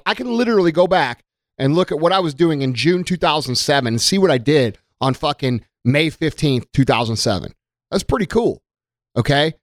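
A man's voice: fairly high pitch, a bit bright, no room sound, studio quality. A middle-aged man hosting a podcast, giving a blunt, profane, emphatic motivational monologue. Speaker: podcast host.

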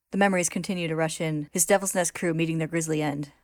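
A woman narrating a story recap in a steady, plain retelling voice. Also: low voice, fast talker, hardly any pauses, no echo, clean studio sound.

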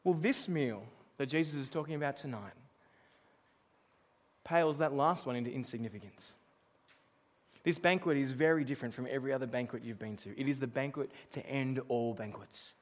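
A man's voice: medium pitch, fairly quick. A middle-aged man preaching a sermon in a conversational, storytelling way, asking his congregation questions as he goes. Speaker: pastor.

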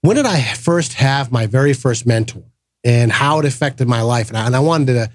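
A man hosting a podcast, telling a personal story in a casual, animated way and acting out the voices of the people in it. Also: medium pitch, normal speed, dry recording. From grew up in the projects. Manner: animated storyteller, acts out quoted voices, frequent restarts. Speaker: podcast host.

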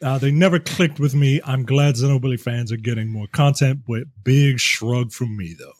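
A man with a husky, slightly breathy voice chats loosely about video games, laughing often and swearing here and there. The sound is dry and close, with no room around it. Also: medium pitch, normal speed, a little mellow, no echo. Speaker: podcast co-host. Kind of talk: casual chat.

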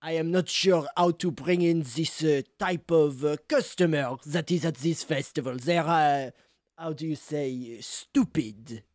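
A man's voice: fairly high pitch, a little slow, no echo, studio quality, lightly acted. A player voicing a savvy male French fried-cheese vendor with a put-on French accent and mangled franglais. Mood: fumbling. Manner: mangled franglais, haughty, flattering.

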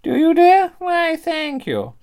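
A man's voice: very high voice, huge pitch swings, slow, a little mellow, pitched above the performer's own voice, full character voice. A man voicing a fussy, genteel elderly lady who calls everyone "dear" with prim condescension.

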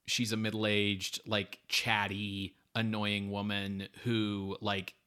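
A podcast co-host with a fairly low, fairly bright voice chats casually about a bad movie. His take is rambling and sardonic, packed with "like" and other fillers.

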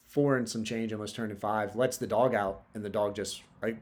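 A man's voice: on the low side, fairly even intonation, moderate pace. A man in casual chat, telling a story in a laid-back way, swearing often and leaning on "like" and "dude".

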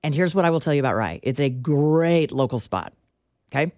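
A woman's voice: sits low, expressive, brisk, darkish tone, no echo, studio quality. A woman co-hosting a talk radio show, bantering with wry, emphatic remarks and a ready laugh.

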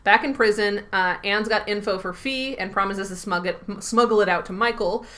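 A woman co-hosting a podcast, recapping a TV episode in casual chat, animated, laughing often and swearing easily. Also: mid-range voice, a little fast.

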